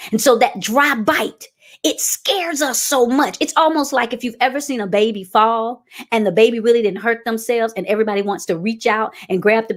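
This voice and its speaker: Fervent woman preaching with emphasis. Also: medium pitch. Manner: emphatic, repeats key phrases, calls out to the audience. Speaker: speaker. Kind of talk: motivational preaching.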